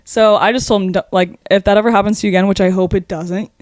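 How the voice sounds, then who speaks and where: A woman's voice: medium pitch, no echo. Young woman, podcast co-host, chatty storytelling, swears a lot, dry close mic. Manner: fast, animated, swears a lot, says "like" often. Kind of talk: casual storytelling chat.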